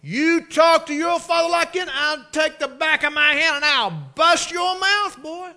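A man voicing an angry mother scolding her son, hushed at first and then shouting from across the room. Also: a little fast, slightly rough. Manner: starts hushed, then high-pitched far-off shouting.

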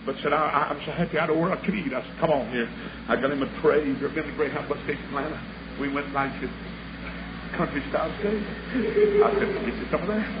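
A man's voice: fairly high pitch, fast talker. Male preacher, storytelling sermon, acts out voices, lo-fi hissy tape. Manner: folksy storyteller, acts out each voice, builds to shouts. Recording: dull lo-fi recording with clear background hiss.

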